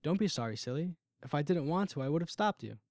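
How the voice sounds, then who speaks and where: A man's voice: a little high, lively intonation, fast talker, a little mellow, dry recording, clean studio sound. A man reading the lines of a young woman who pleads and defends herself while ending a secret romance. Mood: soft.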